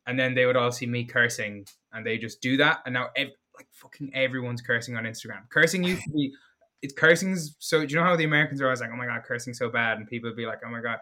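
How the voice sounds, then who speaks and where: A man's voice: mid-range voice, fast, pushed and bright. An Irish man, a fitness content creator, talking casually as a podcast guest, blunt and joking, swearing freely. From Ireland.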